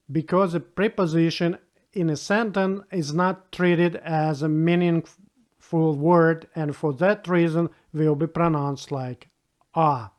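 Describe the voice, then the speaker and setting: Guy teaching a beginner lesson, slightly high voice, talks slow and patient. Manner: patient, spells out rules and repeats example words. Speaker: language teacher. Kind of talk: slow spoken language lesson.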